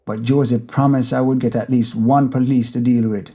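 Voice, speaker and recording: A man's voice: medium pitch, level tone, normal speed, dark tone, slightly rough. A man with a Jamaican accent reading an audiobook, narrating a frantic, rambling first-person inner monologue in patois.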